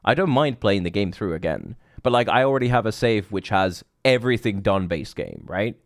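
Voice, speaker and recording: A man in his thirties gives brisk, expressive live commentary on a game he's streaming, his fairly low voice recorded with clean studio sound and no echo. He's chatty with his viewers, profane, and prone to rambling.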